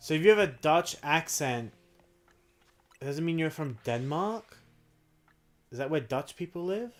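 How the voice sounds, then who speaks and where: Faint music runs behind this young Australian man as he streams a game, chatting in a loose, self-deprecating ramble punctuated by frequent laughter. He speaks at a measured pace, his voice on the high side with lively intonation.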